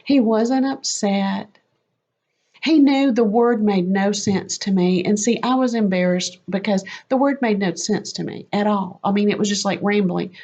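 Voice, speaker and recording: A woman telling a lively, self-mocking personal faith story as a testimony. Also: medium pitch. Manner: animated, quick and self-mocking. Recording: slightly muffled lo-fi audio.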